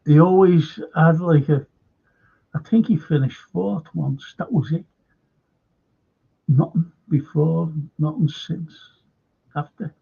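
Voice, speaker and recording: A man hosts a live fan show, talking slowly with a gravelly, husky voice set a little high. He answers viewers by name and keeps repeating his points with emphasis and the odd swear word. The sound is dull and lo-fi. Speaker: fan channel host.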